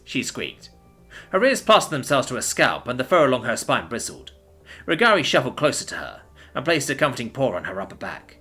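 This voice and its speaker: A man narrating a science fiction story in an expressive storytelling style. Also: mid-range voice, fairly quick, husky, soft background music. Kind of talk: audiobook narration.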